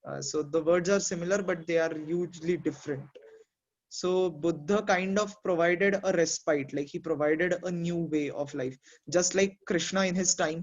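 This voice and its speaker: A man with a high-pitched voice talks through his ideas in a casual group discussion. He reasons step by step and leans on fillers like "like" and "you know." The sound is dull and lo-fi, as on a muffled call. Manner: thoughtful, explains with examples, many fillers. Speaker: discussion participant.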